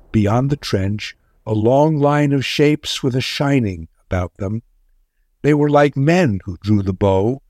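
A man's voice: medium pitch, a little mellow, no echo. Solemn male storyteller, dry recording. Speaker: narrator. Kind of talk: scripted story narration.

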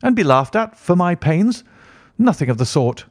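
A man's voice: high-pitched, sing-song, moderate pace, no echo, studio quality. A man voicing a stubborn, blustering older father who waves off worries dismissively. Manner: dismissive and obstinate.

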